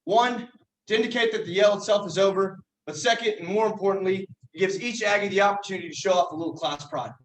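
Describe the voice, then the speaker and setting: A young man, a yell leader, explaining chants with a folksy, teasing delivery. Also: high-pitched, fast talker, slight background noise. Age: young adult. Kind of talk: joking instructional talk. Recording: echoey room from far off.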